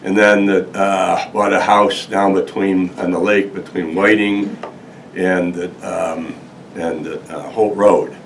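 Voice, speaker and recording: A man's voice: low voice, level tone, slow, gravelly. An older man presenting a local history talk, telling stories casually with many restarts and laughs. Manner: rambling, many restarts, laughs through his story. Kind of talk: casual storytelling to an audience. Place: museum meeting room with audience. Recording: distant mic, faint noise.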